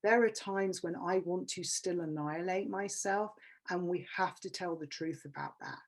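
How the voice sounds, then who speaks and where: A woman's voice: fairly low pitch, moderate pace. A British woman in her fifties giving a candid, emotional personal talk at a workshop, repeating words for emphasis. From England. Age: 50s. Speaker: workshop speaker.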